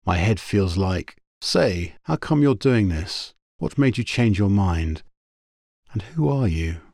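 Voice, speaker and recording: A man playing a tough young space hero, talking in brisk questions. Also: low voice, lively intonation, vocal fry, a little mellow, dry recording, studio quality, exaggerated voice. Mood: alert.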